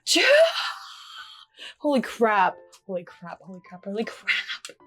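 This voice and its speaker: A young woman vlogging her baking, excitable and gasping, swearing and repeating herself, reading recipe steps aloud between outbursts. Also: mid-range voice, slow pace, soft background music. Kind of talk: casual vlog.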